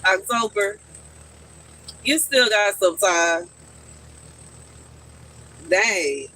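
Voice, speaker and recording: A man's voice: sits high, lively intonation, drawn-out words, sharp tone, low-quality recording. A man chatting casually on a live stream from his backyard garden, answering his viewers' questions.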